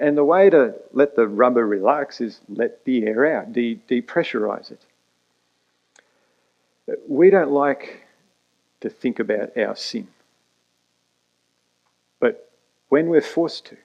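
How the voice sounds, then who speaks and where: A man delivers a sermon at an unhurried pace. He leans hard on key phrases and lets dramatic pauses hang. The recording sounds dull and slightly lo-fi. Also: mid-range voice, a little mellow. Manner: emphatic preaching with dramatic pauses and quick asides. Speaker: pastor.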